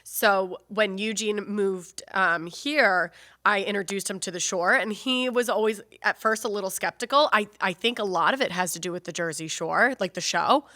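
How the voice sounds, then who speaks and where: Bright-voiced chatty woman co-host. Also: mid-range voice, no room sound, clean studio sound. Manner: chatty, laughing, quick asides. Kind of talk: casual studio chat. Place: TV studio.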